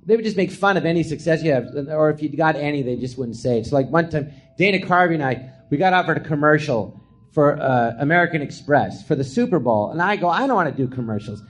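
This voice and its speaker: A middle-aged comedian telling stories from his career in a casual chat, acting out what people said in a hushed voice. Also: a little high, quick pace. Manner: animated storyteller, acts out quotes in a hushed voice. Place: small live podcast theatre.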